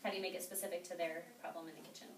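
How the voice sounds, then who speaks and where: A woman's voice: fairly low pitch, level tone, very fast. A young woman leading a sales training class, upbeat and constantly quizzing her trainees with "okay?". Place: training room with a group. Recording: echoey room, mic far off.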